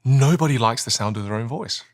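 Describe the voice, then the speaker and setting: A man's voice: mid-range voice, fairly quick. A man who coaches communication, explaining with energy and emphasis in a podcast interview and often asking rhetorical questions.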